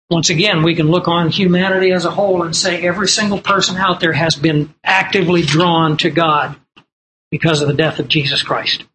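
A man's voice: high-pitched, steady tone, brisk, fairly bright tone, slight background noise, rough recording. A man preaching a sermon from printed notes, earnest and emphatic, repeating key lines and telling stories.

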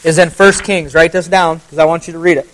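Man, slightly high voice, motivational Bible talk, questions the audience, repeats phrases for emphasis. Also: steady tone, fairly quick, a bit bright, poor audio. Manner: conversational, asks the audience questions. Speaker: speaker at a group talk.

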